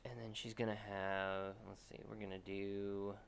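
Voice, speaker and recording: A young man with a gravelly, fairly low voice talks through his drawing on a stream. His commentary is casual and meandering, full of restarts as he thinks aloud. A faint hiss sits under the recording. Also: little pitch movement, a little slow. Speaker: artist streaming a drawing session.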